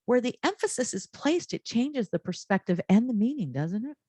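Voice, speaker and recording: A woman presenting a wellness training talk to healthcare workers in a calm, measured, encouraging way. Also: a little high, slightly rough, no echo.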